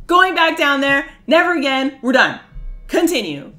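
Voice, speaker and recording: A young woman streamer giving excitable, exclamation-filled commentary while she plays a video game. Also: high-pitched, normal speed, soft background music. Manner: excitable, with frequent shrieks and exclamations. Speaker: gaming streamer. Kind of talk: reactive gameplay commentary.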